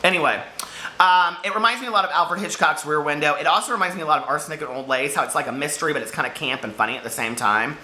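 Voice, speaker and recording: A man's voice: on the high side, fast talker, pushed and bright, reverberant. A man chatting casually about books he read this week, rambling and giggling, overheated in a hot room. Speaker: book vlogger. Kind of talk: casual chat.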